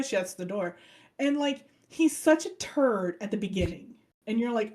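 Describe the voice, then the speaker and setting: Animated woman retelling a story, dark tone. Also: medium pitch, moderate pace. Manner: animated storyteller who acts out characters' lines. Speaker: podcast co-host. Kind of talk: casual chat, retelling an anime plot.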